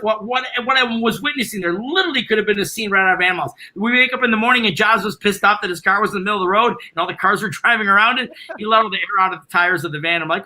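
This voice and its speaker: A middle-aged man, a band founder, excitedly rambling through road anecdotes as a guest in a casual interview. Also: sits high, racing, hardly any pauses. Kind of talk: casual storytelling.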